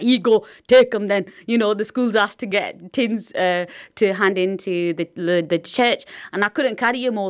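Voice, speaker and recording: A woman from Blackburn with a Lancashire accent, a comedian chatting as a guest in an interview, laughing often and using lots of fillers. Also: mid-range voice. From Blackburn, England. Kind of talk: casual interview chat.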